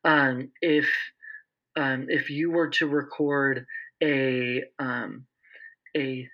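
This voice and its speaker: A young man in his twenties, a guest explaining speech patterns in casual conversation, animated, with slightly sharpened S sounds. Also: medium pitch, extremely slow. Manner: animated, lively, slips into imitated voices. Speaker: interview guest, speech-language pathology student. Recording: dull, lo-fi sound.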